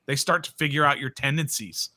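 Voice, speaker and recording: A man's voice: fairly high pitch, a little fast, pushed and bright. A man speaking as a panelist in a casual sports roundtable, firm and explanatory.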